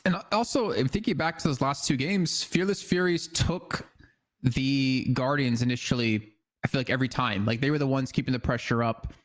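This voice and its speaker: A man co-casts an esports match in a loose, chatty way, hedging often as he weighs each pick. His voice sits in an ordinary middle pitch. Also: moderate pace. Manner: casual, hedging with fillers like "I mean". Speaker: esports co-caster. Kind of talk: esports analysis commentary.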